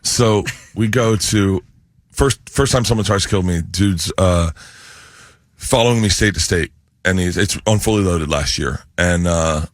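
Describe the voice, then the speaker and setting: A comedian guest in a radio studio, rambling through self-mocking stories and laughing often. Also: male voice, sits low, a little slow, dry recording. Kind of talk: storytelling in a radio studio interview.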